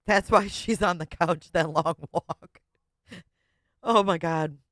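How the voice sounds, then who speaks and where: A woman's voice: lowish voice, slow pace, a bit bright, no echo, clean studio sound. A woman hosting a live stream, chatting casually in reaction to a video, laughing constantly and swearing freely. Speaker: livestream host. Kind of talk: casual livestream reaction commentary.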